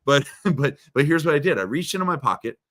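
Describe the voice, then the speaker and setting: Animated man telling a story. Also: a little high, quick pace. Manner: animated storyteller, repeats words, swings loud and soft. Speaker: guest speaker. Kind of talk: casual interview chat.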